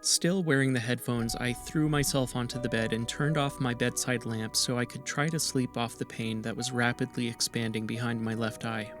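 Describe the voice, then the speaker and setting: A man reading a first-person horror story in a steady, even narration. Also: mid-range voice, normal speed, hardly any pauses. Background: music.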